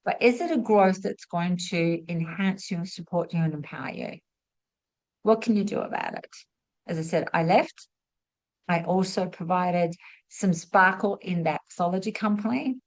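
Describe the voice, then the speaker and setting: A middle-aged woman who hosts a spiritual masterclass, giving a chatty, expressive motivational talk to camera. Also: lowish voice, moderate pace, poor audio. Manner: chatty and expressive, acts out little quotes. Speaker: spiritual teacher hosting a masterclass.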